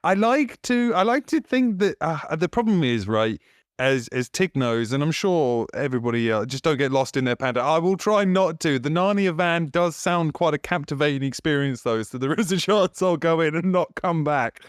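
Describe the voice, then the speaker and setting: A man in casual podcast banter, slightly higher than most men and with a smooth, clear tone. He rambles, restarts and laughs a lot. The sound is dry and close to the mic. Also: lively intonation, normal speed, no room sound. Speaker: podcast co-host.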